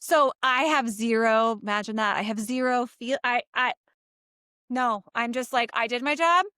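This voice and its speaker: A woman in her thirties, a podcast co-host, telling animated stories about school drop-offs, her pitch rising when she gets emphatic. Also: a little slow, clean tone, no echo, clean studio sound. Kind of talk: casual chat.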